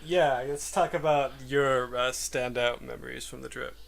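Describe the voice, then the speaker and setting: A man hosting a podcast in casual chat, halting and hesitant with many fillers. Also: medium pitch, steady tone, gravelly, a crowd in the background. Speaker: podcast host.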